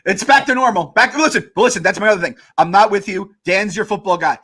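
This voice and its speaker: A man's voice: high voice, fast talker, a bit bright, breathy edge. A man co-hosting a sports podcast from afar, joking and rambling, with plenty of swearing. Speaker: podcast co-host. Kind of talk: casual sports chat. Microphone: remote call.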